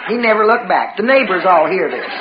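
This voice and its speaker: A woman's voice: medium pitch, sing-song, brisk. Woman spinning a dramatic family story, big echoey room, kinda dull muffled sound. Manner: dramatic, acts out the voices of family members. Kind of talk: personal story told to a live audience. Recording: roomy, dull recording with background noise.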